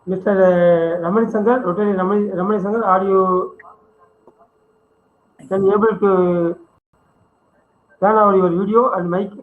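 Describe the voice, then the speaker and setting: A man's voice: high-pitched, steady tone, normal speed, long pauses, slight background noise. A man moderating an online event, polite and formal, calling people sir. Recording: echoey tinny call audio from far off.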